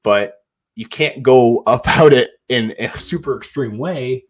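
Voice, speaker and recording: A man's voice: mid-range voice, measured pace. A man co-hosting a podcast, chatting casually with many fillers as he recaps scenes. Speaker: podcast co-host. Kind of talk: casual chat.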